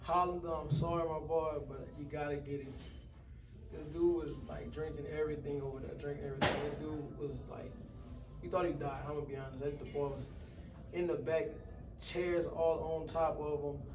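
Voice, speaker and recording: A man's voice: fairly high pitch, fairly quick, echoey room. Slangy young man telling wild stories. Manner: animated storyteller, slangy, says "bro" often. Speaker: event promoter, guest. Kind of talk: casual interview chat.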